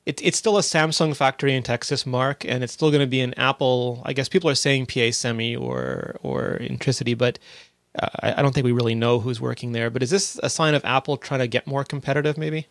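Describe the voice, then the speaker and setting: A man's voice: mid-range voice, fairly quick, gravelly, fairly bright tone, dry recording. A man from Canada hosting a casual tech podcast, wry and chatty, often restarting his sentences. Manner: chatty, wry, self-correcting. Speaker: podcast host.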